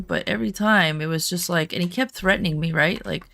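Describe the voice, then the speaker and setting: A woman's voice: on the low side, normal speed, vocal fry, few pauses, fairly bright tone. A woman gamer chatting casually while she plays, rambling through stories and murmuring to herself. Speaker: gaming streamer. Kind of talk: casual chat while gaming.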